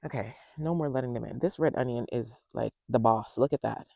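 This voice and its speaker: A man with a mid-range, gravelly voice gives a relaxed tour of his backyard garden. He talks straight to his viewers and thinks out loud as he goes. The sound is close and dry, with no room echo. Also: medium pitch, a little fast. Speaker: home gardener giving a tour. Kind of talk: casual garden tour vlog.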